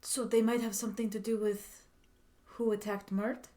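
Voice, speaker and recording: A woman's voice: medium pitch, level tone, normal speed, dark tone. Chatty female player, casual and filler-heavy. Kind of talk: casual tabletop play.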